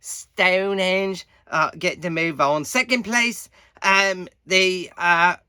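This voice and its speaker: A man giving a casual, halting competition update, full of fillers and pauses. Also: high-pitched, sharp tone, smooth, no room sound, clean studio sound. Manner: halting, many fillers, unhurried.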